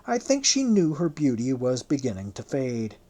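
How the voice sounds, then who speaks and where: An audiobook narrator reading a historical novel in the first person, in a measured, literary way. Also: medium pitch, wildly swooping pitch, mellow.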